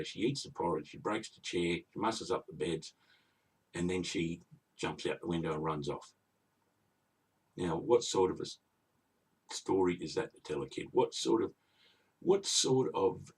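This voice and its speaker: A deep, husky man tells an old fairy tale as a comic rant, grumbling and indignant, wandering off into asides. He sits some way back from the microphone. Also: distant mic. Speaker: comic storyteller.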